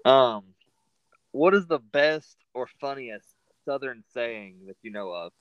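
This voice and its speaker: A man's voice: medium pitch, lively intonation, slow pace, fairly bright tone, smooth, dry recording, lo-fi sound. Male interviewer, casual, dry recording, short easy questions. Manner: brief questions, easygoing. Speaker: podcast host.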